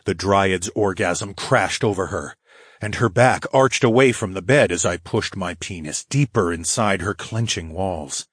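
Husky low-voiced male audiobook narrator. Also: a little slow, no echo, clean studio sound. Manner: steady, low growling delivery. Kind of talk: first-person fantasy audiobook narration.

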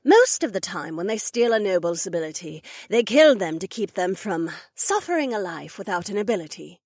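Husky she-wolf duchess, a woman reading her, grave and knowing, pitch swinging up and down, dry close sound. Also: very animated, a little mellow, no room sound. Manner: measured, serious explaining. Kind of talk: audiobook dialogue acting.

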